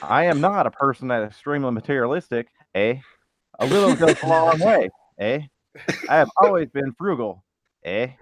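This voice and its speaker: A man's voice: medium pitch, lively intonation, moderate pace, no room sound, close to an everyday voice. A man doing a defensive Canadian businessman saying "eh". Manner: tacks "eh" onto every sentence. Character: middle-aged male Canadian businessman, frugal, self-justifying.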